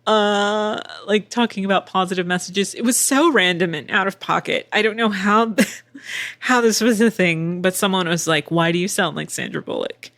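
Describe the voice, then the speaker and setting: A woman's voice: medium pitch, normal speed, fairly bright tone, dry recording. A middle-aged woman hosting a casual solo podcast, chatty and candid, swearing freely with wry asides. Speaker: podcast host and voice actor.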